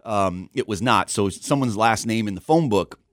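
A man in his forties from Southern California, a guest on a radio show, telling stories in a lively way and acting out the voices of people he quotes. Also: fairly low pitch, moderate pace, no echo, studio quality. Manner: animated storyteller, acts out quoted voices. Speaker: TV news anchor, guest. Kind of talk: casual radio interview.

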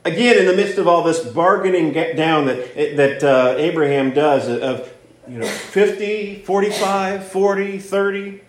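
A man's voice: high voice, fairly even intonation, a little slow. A man preaching a sermon that teaches through a Bible passage, earnest, repeating words and leaning on fillers as he explains. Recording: roomy echo.

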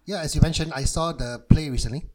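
A man's voice: on the high side, fast, a crowd in the background, low-quality recording. A man co-hosting a film podcast, chatting casually and laughing often. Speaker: podcast co-host.

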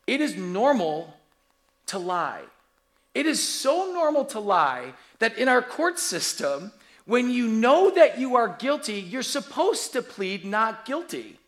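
Forty-something guy preaching, high voice, lively storytelling with jokes. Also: takes it slowly. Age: 40s. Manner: animated storytelling with humor. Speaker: pastor. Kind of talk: sermon.

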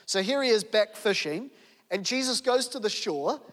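A man's voice: high-pitched, lively intonation, normal speed, fairly bright tone. A man preaching a sermon, telling a story and firing off rhetorical questions. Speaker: pastor. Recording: long reverb of a large hall.

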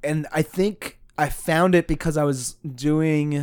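A man's voice: fairly high pitch, steady tone, a little slow, clean tone. A man co-hosting a podcast in casual chat, talking loosely with lots of fillers and frequent laughs. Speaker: podcast co-host.

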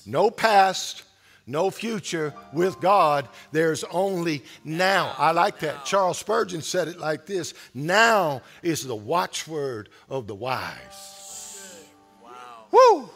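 Man, pastor, sermon, slow drawn-out delivery, bright sharp tone, soft music behind. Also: a little high, animated. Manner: preaching with rising, shouted repetition.

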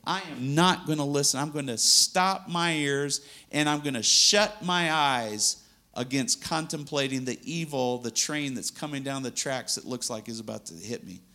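Earnest gravelly-voiced male preacher. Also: medium pitch, fairly bright tone. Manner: earnest and conversational, laughs between points. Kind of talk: sermon.

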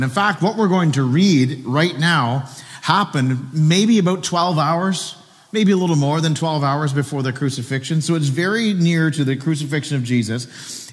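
A male pastor preaching a sermon with animated storytelling and joking asides. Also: a little high, big-room sound.

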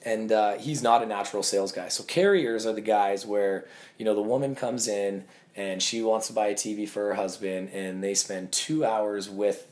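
A man as a podcast guest, telling sales stories in a casual, animated way and acting out bits of dialogue. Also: fairly low pitch, moderate pace. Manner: animated storyteller, acts out quoted dialogue. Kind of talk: casual interview talk.

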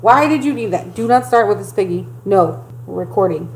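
A woman's voice: medium pitch, lively intonation, brisk, darkish tone, a little hiss or hum, poor audio. A woman with a Southern US accent, ranting in casual podcast chat and swearing freely. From Southern United States. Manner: profane, ranting, fired up. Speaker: podcast co-host.

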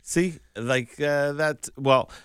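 Animated laughing male comedian. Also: on the low side, moderate pace, smooth, dry recording, clean studio sound. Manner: animated, laughing, acts out voices in his stories. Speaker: stand-up comedian guest. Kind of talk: casual storytelling on morning radio.

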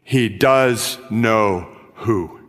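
Slow emphatic preacher in a reverberant hall. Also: male voice, on the low side, a bit bright. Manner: slow, emphatic preaching with dramatic scripture reading. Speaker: pastor. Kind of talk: sermon. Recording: music behind, long hall reverb.

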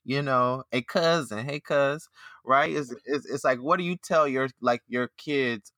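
Man, bright tense tone, dry close sound, animated casual storyteller. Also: medium pitch, unhurried, no room sound. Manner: animated storytelling, many fillers. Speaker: podcast co-host, former teacher. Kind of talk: casual chat.

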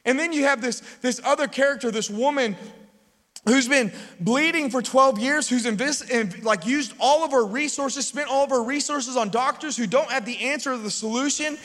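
Male pastor, high voice, lively conversational sermon, long hall reverb. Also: moderate pace. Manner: animated, conversational preaching with acted-out quotes.

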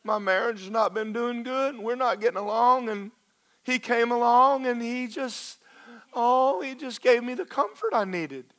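A man voicing a whiny, pleading woman who excuses her affair, in a high put-on voice during a sermon. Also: normal speed, fairly bright tone. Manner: high, pleading, self-justifying.

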